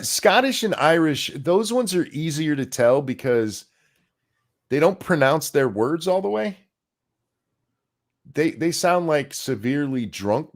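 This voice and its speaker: A man co-hosting a casual podcast, ranting in a crude, mocking, profane way. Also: a little high. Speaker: podcast co-host.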